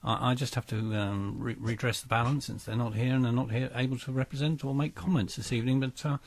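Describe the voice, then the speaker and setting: A man hosting a spoof radio arts show in a pompous, mock-serious manner, with many ums and halting restarts. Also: mid-range voice, fairly even intonation. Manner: pompous, hesitant, full of ums.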